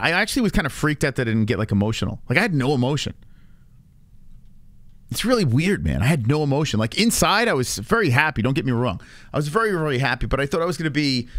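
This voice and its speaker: A man's voice: mid-range voice, fairly bright tone, no echo. A man in his thirties hosting a casual livestream chat, rambling with fillers and restarts and swearing freely. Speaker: streamer host.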